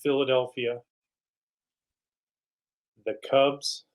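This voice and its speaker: A middle-aged man, a retired pitcher guesting on a podcast, telling stories in a casual way and acting out teammates' lines. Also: extremely slow, low-quality recording. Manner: animated, quotes teammates in voices. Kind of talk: casual storytelling.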